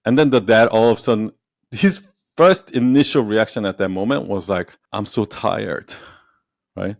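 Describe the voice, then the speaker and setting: A man with a lowish, expressive voice talks fairly quickly, recorded with studio quality and no room sound. He's a podcast guest, an entrepreneur and storyteller, spinning animated tales in a casual interview, acting out quotes and laughing a lot.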